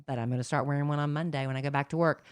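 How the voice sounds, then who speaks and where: A woman's voice: sits low, steady tone, rapid-fire, clear, resonant tone. A middle-aged woman co-hosting a podcast, rambling and gossipy in casual chat, with lots of fillers. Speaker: podcast co-host.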